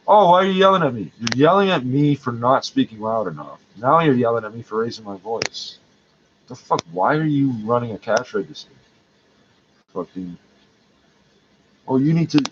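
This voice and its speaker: A man's voice: medium pitch, expressive, moderate pace, muffled recording, slight background noise. A man in pain, ranting in a rambling, heated and profane way. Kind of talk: angry rambling rant.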